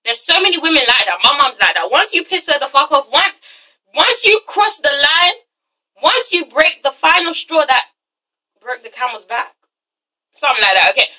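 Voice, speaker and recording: Young woman, high bright voice, blunt and sweary reviewer, a bit far from the mic. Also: big pitch swings, normal speed. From England. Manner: blunt, swears a lot, repeats "okay?". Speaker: reality TV reviewer. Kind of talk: casual commentary vlog.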